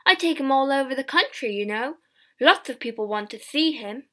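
A woman reading a storybook, voicing a loud, eager, servile Victorian male showman who calls everyone sir. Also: high-pitched, lively intonation, normal speed. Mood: fawning.

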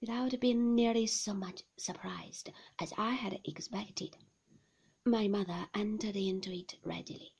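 A woman reading a classic novel aloud in a soft, half-whispered voice. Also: medium pitch, gravelly, breathy edge, lo-fi sound. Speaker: narrator. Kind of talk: storybook reading.

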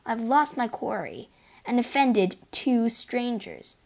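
A woman voicing a proud, hot-headed young male swordsman in a storybook reading, quick to take offense. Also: a little high, gravelly, darkish tone, voice pushed up, full character voice. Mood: polite.

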